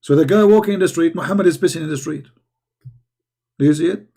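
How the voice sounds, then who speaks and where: Hoarse man with a somewhat high, gravelly voice delivers polemical commentary in halting English. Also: warm tone. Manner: heated, rhetorical questions, halting non-native English. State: hoarse, losing his voice. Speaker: online commentator. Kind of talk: polemical commentary while reading texts aloud.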